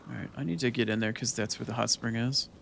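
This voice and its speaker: A man's voice: medium pitch, fairly even intonation, fast talker, vocal fry, a bit bright, a little hiss or hum. A man streaming a game from his chair at home, chatting casually with viewers in a loose, profane, rambling and playful way. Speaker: gaming streamer.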